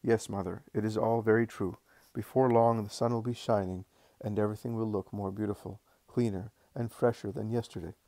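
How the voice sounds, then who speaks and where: Serene gentle master, voiced plainly by a male reader, low and dry. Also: brisk, no room sound, natural voice. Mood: tender. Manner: calm, tender, reassuring.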